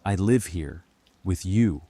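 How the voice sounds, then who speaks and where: A man's voice: deep voice, animated, slow, dark tone, husky, dry recording, exaggerated voice. A man voicing a confused wife who scolds and questions her husband. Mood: puzzled. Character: bewildered, nagging wife, annoyed then scared.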